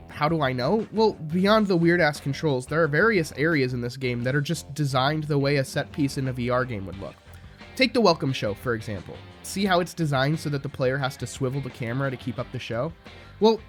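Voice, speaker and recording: A man with a slightly high voice delivers scripted commentary, critical and sarcastic in tone. Faint music plays quietly underneath him. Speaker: video essayist.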